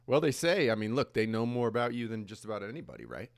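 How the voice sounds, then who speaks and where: A man co-hosting a trading show in casual chat, laid-back and quick to laugh, full of dude and man. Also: on the low side, wildly swooping pitch, gravelly, no echo, clean studio sound. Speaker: co-host of options trading show.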